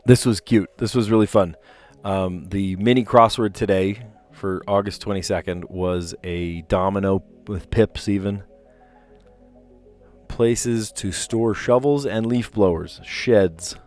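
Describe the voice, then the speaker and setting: A man's voice: lowish voice, fairly even intonation, takes it slowly, darkish tone, faint music behind. A man casually chatting on a live stream, reading puzzle clues aloud and rambling to his viewers. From New Jersey.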